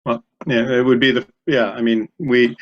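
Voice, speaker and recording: A man's voice: mid-range voice, flat delivery, normal speed, a little hiss or hum. A man on a video call, a board member, correcting details and recounting a discussion in a board meeting. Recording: dull video-call audio.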